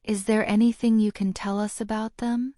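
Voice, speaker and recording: A woman's voice: mid-range voice, little pitch movement, normal speed, mellow, no room sound, studio quality, natural voice. A woman voicing an earnest, studious young witch in an audiobook, explaining things carefully. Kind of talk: audiobook character reading.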